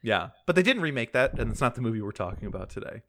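A man's voice: mid-range voice, very animated, rapid-fire, fairly bright tone, a little hiss or hum. A man co-hosting a casual film podcast, rambling and wry, swearing casually as he talks. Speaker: podcast co-host.

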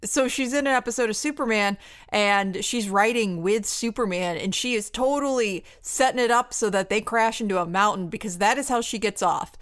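A woman's voice: mid-range voice, normal speed, a bit bright, dry recording, studio quality. A woman in a casual chat about a comic book, speaking crudely and arguing her point. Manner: crude, argumentative. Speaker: comic book discussion panelist.

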